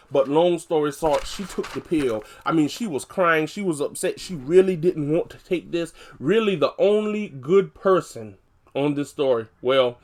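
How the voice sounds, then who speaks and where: A man casually recapping a TV episode, chatty and full of fillers, growing animated as he retells scenes. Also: mid-range voice.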